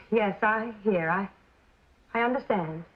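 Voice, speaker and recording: An actress playing a breezy, headstrong society wife in a 1940s film, flippant and unflappable. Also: female voice, medium pitch, slow, slight background noise, close to an everyday voice. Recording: dull old film soundtrack.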